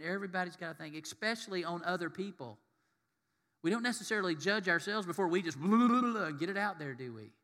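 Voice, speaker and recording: A man preaches from the pulpit, his voice high and bright. He asks the room rhetorical questions and acts out the voices he quotes. A long church-hall reverb trails his words. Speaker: pastor. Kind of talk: sermon.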